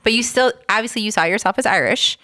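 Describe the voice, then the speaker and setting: A woman's voice: medium pitch, fast. A woman hosting a casual interview, asking questions and cheering her guest on with enthusiastic interjections. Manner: warm, encouraging interjections, enthusiastic. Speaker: podcast host.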